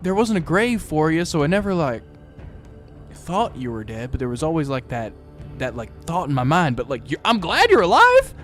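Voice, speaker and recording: Man doing a high bubbly shop girl, gushing, excitable, music behind. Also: normal speed. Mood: excited gushing. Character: bubbly young woman flower-shop keeper. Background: background music.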